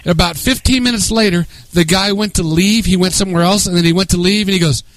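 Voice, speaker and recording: A man co-hosting a comedy radio talk show, loud and jokey, telling stories and breaking into mock voices. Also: high voice, quick pace, dry recording. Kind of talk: casual comedy radio chat.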